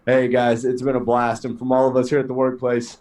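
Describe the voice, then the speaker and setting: A man signs off his podcast in an easy, joking way. His voice sits at a middle pitch, and he talks loosely, with the odd swear word thrown in. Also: monotone, brisk, darkish tone. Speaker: podcast host. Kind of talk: casual podcast outro chat.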